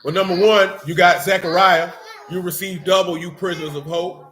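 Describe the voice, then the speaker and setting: A man's voice: sits high, steady tone, normal speed, a bit bright, a little hiss or hum. A man preaching a blunt, street-talking sermon mixed with scripture reading. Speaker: teacher.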